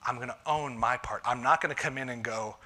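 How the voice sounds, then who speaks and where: A man preaching a conversational sermon as a pastor, moving between punchy lines and hushed asides. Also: medium pitch, fairly quick. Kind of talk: sermon on marriage.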